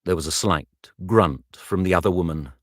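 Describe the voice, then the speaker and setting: A man narrating an audiobook, reading slowly and carefully and stopping now and then to retake a line. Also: low-pitched, fairly bright tone, dry recording, clean studio sound. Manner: slow, measured reading with retakes. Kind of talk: audiobook narration recorded live.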